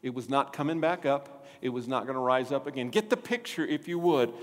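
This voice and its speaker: A male pastor preaching a sermon, animated and asking the congregation questions. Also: mid-range voice, brisk. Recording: long hall reverb.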